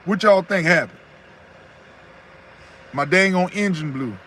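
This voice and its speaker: A man's voice: sits high, a little slow, a bit bright, slight background noise. A man in his thirties giving folksy motivational talk on his own channel, repeating his points and greeting viewers by name. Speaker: YouTuber hosting a live stream.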